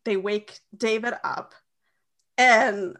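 A woman hosting a casual podcast chat, retelling a TV episode in a lively way with lots of fillers. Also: on the high side, drawn-out words. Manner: animated retelling, slipping into quoted voices; frequent fillers and "like". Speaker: podcast co-host.

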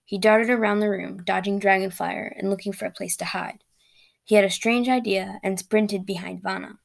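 A young woman reads aloud a fantasy story she wrote, delivering it on her podcast at a moderate pace in a steady, casual manner. Her middle-pitched voice carries a noticeable gravelly fry.

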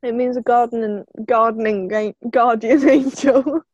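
A woman's voice: on the high side, fairly even intonation, moderate pace, darkish tone, dry recording, highs cut off. A young woman co-hosting a podcast, teasing her friend and laughing in casual chat. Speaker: podcast co-host.

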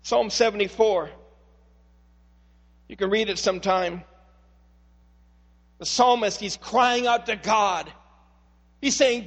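A man's voice: high-pitched, slow, long pauses, fairly bright tone. A lead pastor preaching an impassioned sermon in a church, earnestly repeating words as he builds and appealing straight to his listeners. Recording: long reverb of a large hall.

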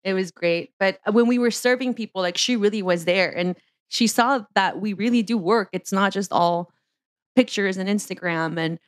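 A woman's voice: medium pitch, normal speed, dry recording, clean studio sound. A woman co-hosting a podcast in casual chat, telling a story and acting out quotes with lots of "like"s. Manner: chatty storyteller, many "like"s, acts out quotes. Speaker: podcast co-host.

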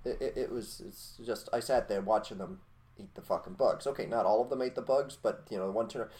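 A man's voice: lowish voice, brisk, a little mellow. A man co-hosting a talk show, ranting crudely about politics and heavy with profanity. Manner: profane, ranting, mocking quoted voices. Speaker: podcast co-host.

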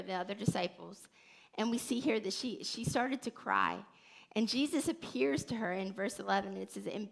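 Brief: female podcast host giving faith teaching, earnest and animated, bright tone with a fry edge. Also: medium pitch. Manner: earnest, animated storytelling with many restarts.

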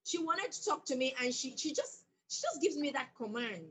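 A woman's voice: sits high, sing-song, fairly quick, a bit bright, low-quality recording. A woman, an author, telling a story from her working life in an emphatic, bold way as an interview guest. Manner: emphatic, bold, laughs often. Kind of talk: animated storytelling in conversation.

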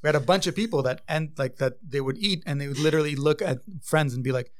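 A man who owns a vegan pub, chatting casually and telling stories, his voice often trailing off quietly. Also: a little high, fast. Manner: relaxed storyteller, trails off quietly. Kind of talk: casual chat.

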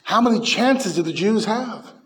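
A male pastor delivering a fervent sermon. His voice sits a touch high for a man, and his delivery swings from hushed, low phrases up to loud, emphatic peaks. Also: expressive, moderate pace.

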